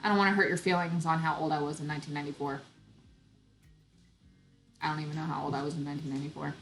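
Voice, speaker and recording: A woman's voice: low voice, fairly even intonation, rapid-fire, faint music behind. A woman in her thirties hosting a casual live chat, chatty and teasing with frequent giggles. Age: 30s. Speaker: homesteading channel host. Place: home.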